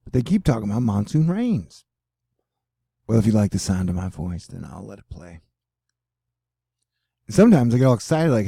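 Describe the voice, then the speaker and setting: A man's voice: on the low side, very animated, moderate pace, gravelly, pauses often, dark tone, husky, no echo, clean studio sound. A middle-aged man from the United States hosting a casual weather video, rambling and joking with lots of fillers. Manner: rambling, jokey, frequent fillers. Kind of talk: rambling casual vlog commentary.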